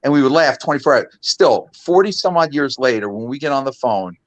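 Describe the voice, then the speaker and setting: A man's voice: medium pitch, brisk. A man in his fifties, a guest on a video call, telling stories in a casual, laughing chat. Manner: animated, laughing storyteller.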